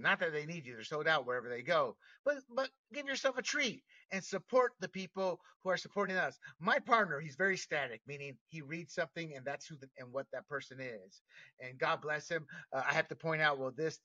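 Animated man ranting from a distance. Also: on the high side, highs cut off. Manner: blunt and ranting, with frequent laughs and restarts. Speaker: podcast host. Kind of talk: opinionated commentary.

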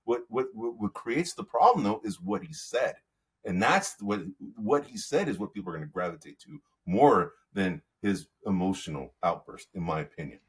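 A man's voice: on the low side, animated, moderate pace, slightly rough. A man co-hosting a sports podcast, talking casually in a rambling, conversational way. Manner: rambling, conversational, lots of fillers. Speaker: podcast co-host.

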